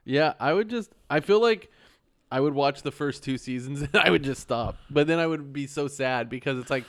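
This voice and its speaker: A man's voice: a little high, normal speed, a bit bright. A man in his thirties co-hosting a podcast in casual chat, rambling and restarting his sentences. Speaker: podcast co-host.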